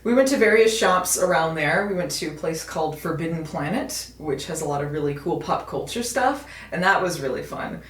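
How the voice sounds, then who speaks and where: Chatty American woman, lower voice, echoey. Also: lively intonation, fairly quick, hardly any pauses. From United States. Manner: chatty, wry, lots of fillers. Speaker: video host. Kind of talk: casual vlog chat. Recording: echoey room.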